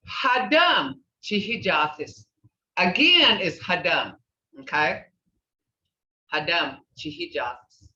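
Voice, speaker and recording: An older woman teaching a language class, repeating words slowly and checking in with "okay?". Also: on the low side, big pitch swings, sharp tone. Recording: echoey, distant, dull room recording.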